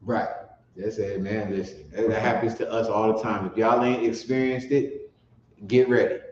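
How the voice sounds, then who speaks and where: A man preaching on the street, profane and fiery, teaching from scripture and swinging from mutters to shouts. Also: on the low side, steady tone, moderate pace. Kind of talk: street sermon with scripture reading. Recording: roomy dull lo-fi recording with faint noise.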